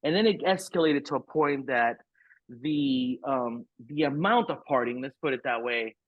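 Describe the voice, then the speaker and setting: Here a middle-aged man with a mid-range voice and normal pace spins a rambling, candid tale as a podcast guest, full of swearing and fillers. His manner is frank and profane. There's no echo; the audio is dry and tinny, like a phone line.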